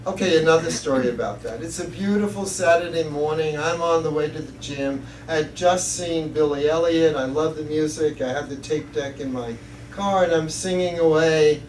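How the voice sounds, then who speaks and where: A man's voice: a little high, normal speed. A man giving an inspirational talk to an audience, telling chatty stories and laughing at his own jokes. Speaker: guest speaker. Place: church hall with audience. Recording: echoey hall, distant mic, faint hiss.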